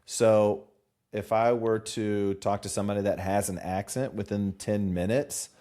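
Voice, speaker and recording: Animated Southern man, low voice. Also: a little slow. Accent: mild Southern US. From Southern US, Charlotte. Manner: animated, laughs often, slips into voices. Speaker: podcast co-host. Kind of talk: casual chat.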